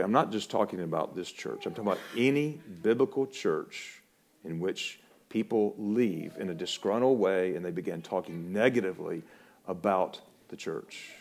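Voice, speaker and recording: A pastor preaching a sermon in a church, swinging between loud, emphatic proclamation and quiet, hushed warning. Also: male voice, low voice.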